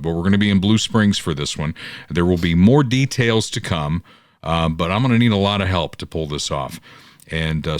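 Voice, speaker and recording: Deep-voiced chatty host. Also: male voice, dry recording. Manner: chatty, folksy, upbeat salesman delivery. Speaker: podcast host and local political candidate. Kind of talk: casual podcast talk with sponsor reads.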